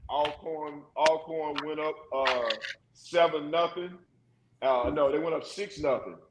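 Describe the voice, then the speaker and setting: A man's voice: on the high side, steady tone, unhurried, noisy background. Chuckling man telling a story in a roomy space. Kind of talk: casual storytelling.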